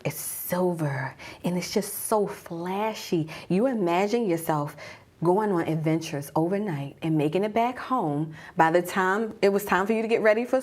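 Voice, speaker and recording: Husky woman telling a personal story. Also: mid-range voice. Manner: guided-imagery storytelling, hushed at tense moments. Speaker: mom coach.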